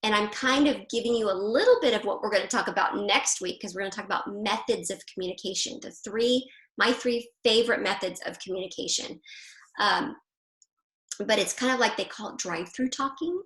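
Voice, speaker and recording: A Christian marriage coach hosts a women's group on a video call, in a casual live online coaching talk. Her medium-pitched voice comes across chatty and animated, and she laughs easily. The recording has a roomy echo.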